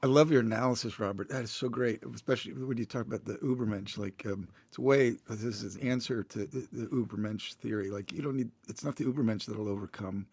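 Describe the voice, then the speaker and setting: A man's voice: fairly low pitch, fast talker, vocal fry, hardly any pauses, darkish tone, slightly rough, no room sound. A man who is a philosophy professor, joining a casual academic podcast discussion with eager enthusiasm.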